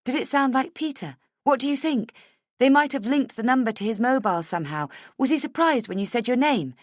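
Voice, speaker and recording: Woman voicing a frantic hunted young wife, audiobook, high urgent pleading voice, dry close sound. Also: expressive, fairly quick, dry recording. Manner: urgent, pleading, rising to shouts.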